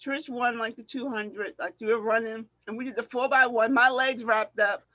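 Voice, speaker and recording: A middle-aged woman, a former track athlete, telling animated stories in a casual chat and acting out what people said, often laughing. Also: on the high side, normal speed, no room sound, dull audio. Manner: animated storyteller, acts out quotes, laughs often.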